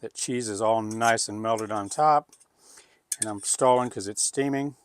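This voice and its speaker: A man's voice: lowish voice, measured pace, clear, resonant tone. A man hosting a home cooking video, talking in a folksy, chatty, rambling way. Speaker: cooking channel host. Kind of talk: casual cooking video chat. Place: home kitchen.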